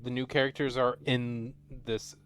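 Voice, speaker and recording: A man playing a tabletop game, earnestly thinking through plans aloud, with music clearly behind him. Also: mid-range voice, level tone, a little slow. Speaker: player.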